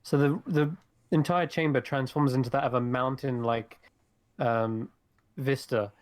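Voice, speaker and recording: Brief: male game master, mid-pitched and dry-sounding, halting descriptive narration. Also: fairly even intonation, dry recording. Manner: hesitant narration with many fillers.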